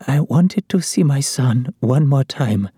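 A man voicing a grief-stricken old woman under a curse, in a cracked, quiet, wailing whisper. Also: medium pitch, expressive, slow, husky, no echo, clean studio sound, voice pushed up, full character voice. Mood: pained, tearful.

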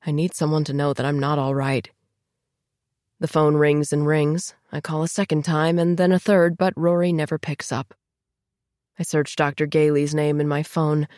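A woman's voice: low voice, little pitch movement, moderate pace, darkish tone, dry recording, studio quality. A woman reading a first-person audiobook with a tense, emotional delivery. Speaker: audiobook narrator.

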